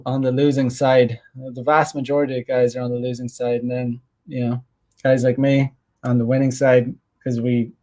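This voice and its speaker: A man's voice: medium pitch, a little mellow. A man hosting his own show, talking loosely with many fillers and restarts. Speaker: host. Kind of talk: casual solo livestream commentary.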